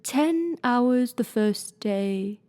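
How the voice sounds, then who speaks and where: A woman voicing the Mock Turtle, a sorrowful sighing male sea creature, with slow drawn-out audiobook delivery. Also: on the high side, lively intonation, dark tone, voice pushed up. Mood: mournful. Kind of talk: audiobook character reading.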